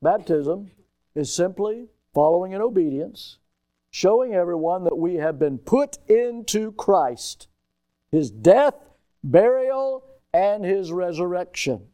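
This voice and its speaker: A middle-aged man preaches from the pulpit of a church, his voice pitched high yet mellow and warm in tone. He leans hard into quoted scripture, slowing and lifting each phrase for emphasis. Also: lively intonation. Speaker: pastor. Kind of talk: sermon. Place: church sanctuary.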